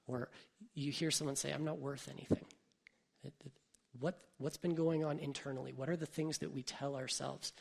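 A man's voice: mid-range voice, fairly even intonation, normal speed, creaky, husky. A man who is a parent, preaching a sermon in a conversational way and thinking aloud with asides. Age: adult parent. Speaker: pastor.

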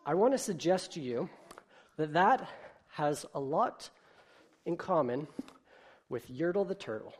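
Animated male preacher. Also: fairly high pitch, unhurried, long pauses. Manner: animated, storytelling; explanatory, conversational. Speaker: pastor. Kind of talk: sermon.

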